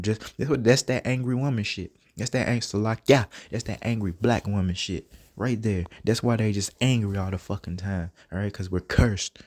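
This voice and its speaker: Speaking at normal speed in a darkish voice on the low side, this man offers casual scripture commentary as a self-taught Bible teacher. After reading verses out loud, he riffs on them with streetwise language and plenty of profanity.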